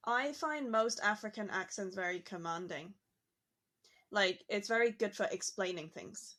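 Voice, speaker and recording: A woman with a medium-pitched, slightly bright voice speaks at a measured pace. She's chatting casually on a podcast, musing aloud and dropping "like" often.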